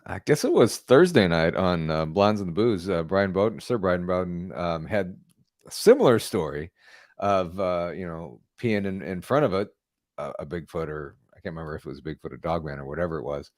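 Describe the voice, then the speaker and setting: A man hosting a podcast, chatting in a relaxed way with many pauses and fillers. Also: low voice, no echo, clean studio sound. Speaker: host. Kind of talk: casual chat.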